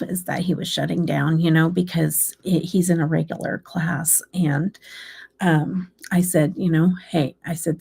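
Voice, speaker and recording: Middle-aged mom vlogging, chatty and rambly, gravelly kinda low voice. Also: female voice, darkish tone. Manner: chatty, rambling, emotional storytelling. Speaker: beauty channel host. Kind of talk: casual chat.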